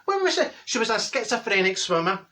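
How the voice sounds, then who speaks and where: A man's voice: sits high, very animated, quick pace, bright, forceful tone, full character voice. A man playing a chatty older Glaswegian woman in a comic monologue, rambling and gossipy with blunt asides and mixed-up words, in a Glaswegian Scottish accent. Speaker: comic character.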